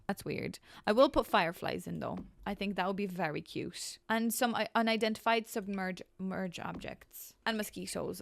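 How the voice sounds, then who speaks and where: A woman's voice: mid-range voice, no room sound. A young woman giving casual, rambling gameplay commentary while building, full of chatty self-deprecating asides. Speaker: game builder.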